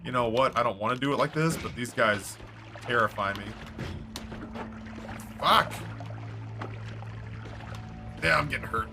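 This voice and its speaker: A man streaming a game, chatting casually in a rambling, animated storytelling way with many fillers. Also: mid-range voice, fast, creaky, music in the background.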